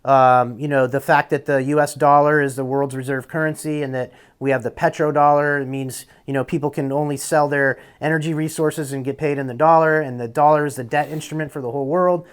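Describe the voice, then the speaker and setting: A young man speaking as a podcast guest. His voice sits a little high, and he talks in a candid, loose, rambling way that sometimes turns profane. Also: steady tone, fairly quick, few pauses, clear, resonant tone. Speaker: guest, military veteran. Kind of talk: casual conversation.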